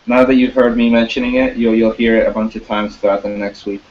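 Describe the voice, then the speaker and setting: A man chatting loosely, stumbling through restarts and swearing freely. His voice sits in an ordinary middle pitch. The recording is dull and lo-fi. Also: completely flat delivery, slight background noise. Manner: rambling, halting, swears freely. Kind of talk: casual chat. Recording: dull lo-fi sound.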